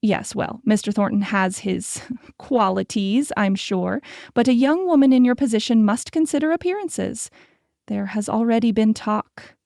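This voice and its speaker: A woman's voice: a little high, expressive, unhurried, gravelly, warm tone, no room sound, clean studio sound. A woman voicing a prim, meddling middle-aged shopkeeper's wife who talks with false concern in an audiobook.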